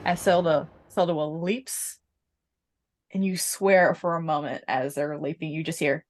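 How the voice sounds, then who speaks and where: A woman running a tabletop game as game master, narrating the action lively and jumping into quick character voices. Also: deep voice.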